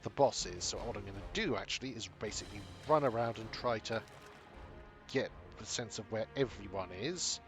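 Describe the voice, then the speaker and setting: A man's voice: lowish voice, a little fast, faint music behind. A man thinking aloud as he plays a video game, hesitant with many fillers. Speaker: streamer playing a video game. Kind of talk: casual gameplay commentary.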